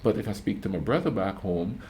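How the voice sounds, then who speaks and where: A man's voice: lowish voice, lively intonation, brisk, a little mellow, slight background noise. Grenadian man chatting to camera. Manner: chatty, storytelling, frequent "you know what I mean" asides. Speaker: reaction video host. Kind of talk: casual commentary to camera.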